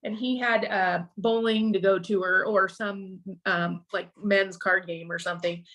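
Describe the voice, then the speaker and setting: Middle-aged woman, podcast guest, emotional and halting storytelling full of restarts. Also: medium pitch, steady tone, fairly bright tone. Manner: halting, with frequent restarts and repeated words.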